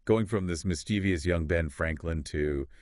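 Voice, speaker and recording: A man hosting a podcast in a casual chat style, upbeat and talking in quick, short phrases. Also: sits low, a little mellow, dry recording, studio quality. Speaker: podcast host.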